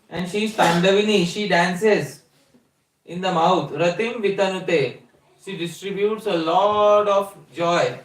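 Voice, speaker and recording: Man, scripture lecture, questioning tone, fairly high voice, echoey room. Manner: quizzes listeners, explains verses. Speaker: spiritual teacher. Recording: echoey room, mic at a distance.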